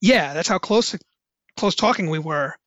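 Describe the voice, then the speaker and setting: A man's voice: high-pitched, lively intonation, measured pace, fairly bright tone, no room sound, dull audio. A man, a musician, telling rambling casual stories with lots of fillers and restarts. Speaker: musician guest on a podcast. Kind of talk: casual anecdotal storytelling.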